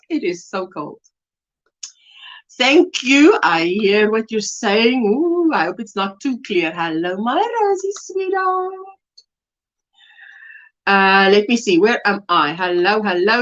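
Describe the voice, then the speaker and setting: On her crochet livestream, a South African woman chats casually, greets viewers by name and laughs a lot. Her fairly high, fairly bright voice swings widely in pitch at an unhurried pace. It's recorded on a webcam with the highs cut off.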